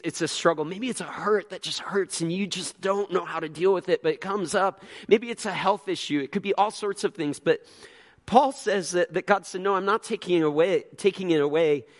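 High-voiced earnest male pastor. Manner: conversational, earnest storytelling with frequent restarts. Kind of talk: sermon.

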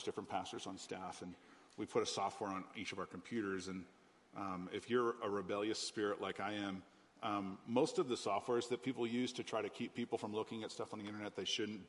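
A middle-aged man, a pastor, telling a personal testimony in a sermon, talking candidly and conversationally with many ums. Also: fairly low pitch. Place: church auditorium. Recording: church hall reverb, faint ambience.

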